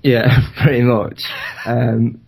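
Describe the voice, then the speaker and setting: Young man, Manchester twang, husky voice, dry teasing humour, video call. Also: medium pitch, flat delivery, takes it slowly, darkish tone. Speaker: podcast co-host. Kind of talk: casual chat over a video call.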